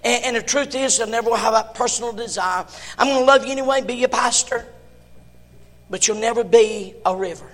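A male pastor preaching a sermon in a church, swinging between shouts and hushed tones. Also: very high voice, fairly quick, long reverb tail.

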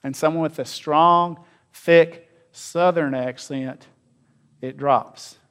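A man preaching a sermon as pastor, asking his listeners questions and swinging between loud and quiet. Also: on the high side, fairly even intonation, slow pace, smooth. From North America. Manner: asks the congregation questions, varies loudness widely.

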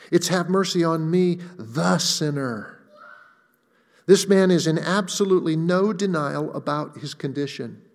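A man preaching a sermon, deliberate and emphatic, slowing down to stress key words. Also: fairly high pitch. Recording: long reverb of a large hall.

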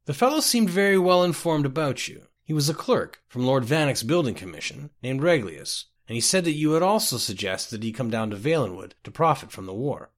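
A man's voice: mid-range voice, very animated, a little fast, hardly any pauses, pitched above the performer's own voice, lightly acted. A man voicing an earnest male clerk who stammers and sounds surprised and hesitant. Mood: flustered.

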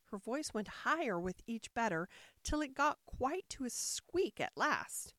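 Expressive woman reading a storybook. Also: on the high side, unhurried, no echo, clean studio sound. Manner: expressive, shifting into character voices. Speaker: audiobook narrator.

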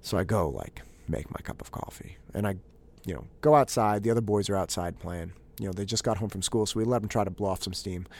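A man telling a story from home life in a casual monologue, animated and exasperated, laughing at himself and often restarting his sentences. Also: on the low side, quick pace. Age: adult father of young children. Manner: animated, exasperated and self-mocking, with frequent restarts. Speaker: podcast host.

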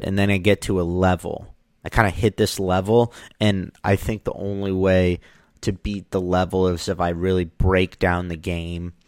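A man telling casual stories in a rambling, halting monologue, often restarting his sentences. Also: low voice, a little mellow, no room sound, clean studio sound.

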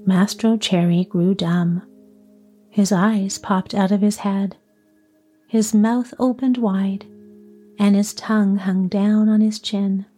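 A woman narrating a classic children's story in a soft, partly whispered storytelling voice. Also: medium pitch, fairly even intonation, slow pace, soft background music.

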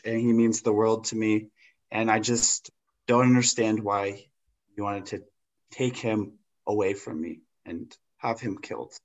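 A man's voice: mid-range voice, muffled recording, close to an everyday voice. A man playing a wounded, sincere male leader in a party-game role-play. He speaks in his own everyday voice, with no put-on accent. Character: male national leader, hurt and earnest.

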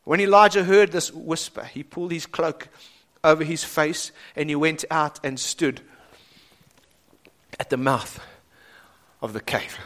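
A man preaching a sermon with dramatic swings between loud and soft, asking the congregation rhetorical questions. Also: on the high side, unhurried, long pauses.

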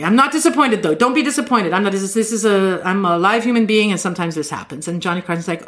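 A woman hosting a podcast, telling a story in casual chat and acting out quotes with jumps in pitch. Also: quick pace, few pauses. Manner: animated, acts out quotes with shifting pitch. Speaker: podcast host.

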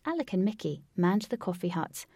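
A woman narrates a storybook at an unhurried pace, occasionally dropping to a whisper. Her fairly low voice is mellow and gravelly with a husky edge, and it swings widely in pitch. The recording is dry and close, with no echo.

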